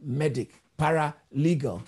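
A man's voice: fairly high pitch, moderate pace, a little mellow, slightly rough. A man preaching a sermon, explaining word roots step by step in a teaching manner. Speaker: pastor.

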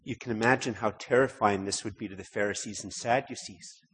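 In a church, a man delivers a sermon in a slightly low, faintly husky voice that is fairly quick and a bit bright. He speaks conversationally and repeats words before building into emphatic passages. A long hall reverb colors the sound.

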